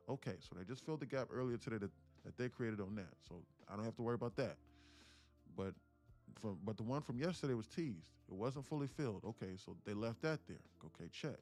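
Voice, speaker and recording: A man's voice: fairly low pitch, expressive, quick pace, darkish tone, faint music behind. A man hosting a day-trading livestream in a loose, chatty way, swearing casually and answering his chat, sitting about a foot from his mic.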